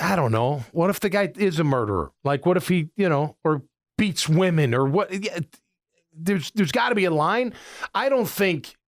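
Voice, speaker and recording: Animated middle-aged man telling stories. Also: fairly high pitch. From Illinois. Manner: animated, rambling storyteller with many restarts. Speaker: sports radio host. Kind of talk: casual sports talk and storytelling.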